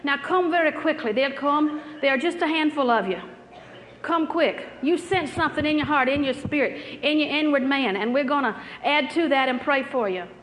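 A woman's voice: high-pitched, normal speed, a bit bright. A middle-aged woman preaching a healing sermon, telling a story in a repetitive, anecdotal way before moving into prayer. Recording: hall reverb with faint music.

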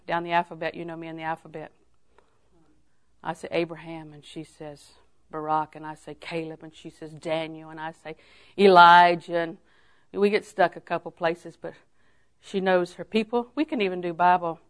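An older woman preacher giving a sermon, telling homely stories and then rising into emphatic, drawn-out exhortations. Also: fairly low pitch, little pitch movement, clear, resonant tone. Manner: folksy storytelling that rises to emphatic, drawn-out exhortation.

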